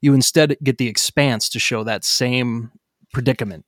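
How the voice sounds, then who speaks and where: Animated man in casual film chat. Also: medium pitch, normal speed, no echo, studio quality. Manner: animated, laughs at his own jokes, swears casually. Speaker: podcast co-host.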